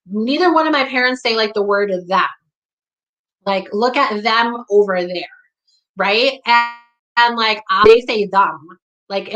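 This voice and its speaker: A woman's voice: mid-range voice, pushed and bright, low-quality recording. A woman with a New York accent talking candidly and bluntly to her audience, leaning on "like" and swearing when riled. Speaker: community talk host. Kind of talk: candid monologue to camera.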